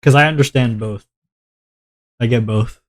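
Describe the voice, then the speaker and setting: Speaking in an unhurried, mid-range voice, this man chats casually with viewers during a drawing stream. His talk wanders, he makes jokes at his own expense, and laughter comes frequently.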